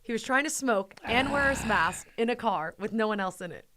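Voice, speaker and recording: A woman's voice: fairly high pitch, animated, fairly quick, background noise. A woman chatting casually with her husband in his home office, telling a story and acting out what people said. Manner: chatty, acts out quoted people. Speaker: co-host, host's wife.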